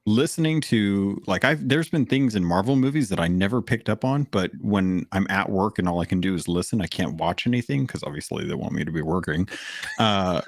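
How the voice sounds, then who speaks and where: A man with a low voice explains things earnestly in casual podcast chat. His voice sounds close and dry. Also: a little fast, no echo. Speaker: podcast co-host.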